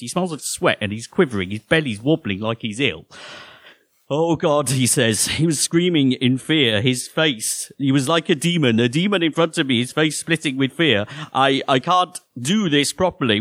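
A man performing a first-person horror story live on a theatre stage, halting and often repeating his words. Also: mid-range voice, fairly bright tone, dry recording.

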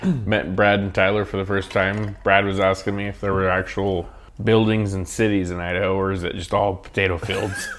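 A man's voice: sits low, flat delivery, fairly quick, a bit bright. A man co-hosting a podcast who cracks jokes, laughs and swears casually. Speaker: podcast co-host. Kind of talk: casual chat.

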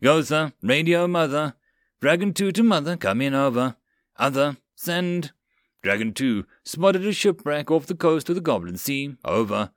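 A cheerful young elf radio operator, voiced by a male narrator, speaks in upbeat radio procedure, a bit above the narrator's usual pitch. The delivery is lively and dry. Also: measured pace, dry recording. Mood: radio talk.

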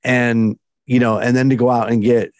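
A man's voice: mid-range voice, level tone, normal speed, no echo. A man hosting a podcast in casual chat, enthusiastic and rambling. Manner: enthusiastic, rambling, many restarts. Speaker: podcast host.

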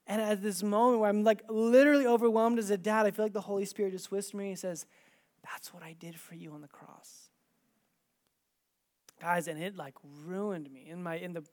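A male pastor telling a personal story in a sermon, swinging between hushed, near-whispered moments and loud, intense emphasis, with a casual, "like"-filled way of talking. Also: high voice.

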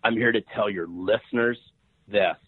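A podcast guest in his fifties who writes about sales speaks in a fairly low, breathy voice at a normal speed. His energetic interview talk is emphatic, with repetition and many a "right?" The sound is tinny, phone-line quality, with no room sound.

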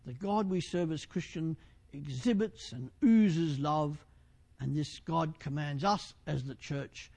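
A man's voice: on the high side, takes it slowly, creaky, darkish tone. A middle-aged man preaching a sermon with fervor, repeatedly putting questions to his listeners.

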